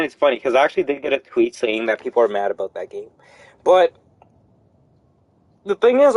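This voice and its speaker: A young man streaming a horror game, rambling casually to chat with animated, profane commentary. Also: on the high side, dry recording. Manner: rambling, animated, swears freely. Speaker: gaming streamer.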